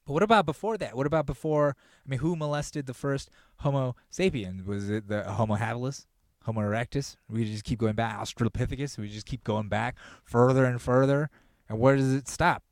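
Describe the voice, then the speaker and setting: A man hosting a podcast with a profane, riffing comedic rant that builds to loud mock outrage. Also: medium pitch, a little fast, dry recording, studio quality. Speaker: podcast host.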